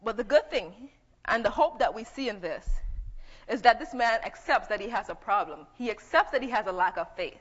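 A woman's voice: fairly high pitch, expressive, brisk, a bit bright, lo-fi sound. Woman preaching in an echoey hall. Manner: conversational Bible teaching, reading scripture aloud. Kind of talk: sermon.

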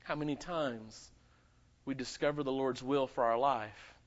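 A man preaching a sermon with dramatic swings between loud, high emphasis and quiet, low asides. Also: measured pace. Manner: animated preaching with dramatic swings in pitch and volume. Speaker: pastor. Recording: muffled lo-fi sound.

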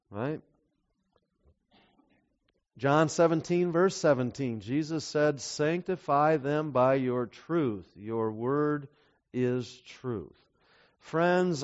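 A man preaching a sermon in an earnest way, often asking the audience to agree with him. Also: a little high. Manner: earnest, asks the audience to affirm. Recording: dull lo-fi recording.

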